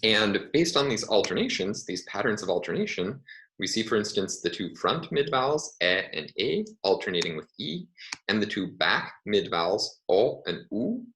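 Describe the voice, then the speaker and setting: Male lecturer, very low voice, lively intonation, hesitant fillers while reasoning. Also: normal speed, poor audio. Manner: thinks aloud with frequent uh and um. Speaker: linguistics lecturer. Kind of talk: recorded lecture.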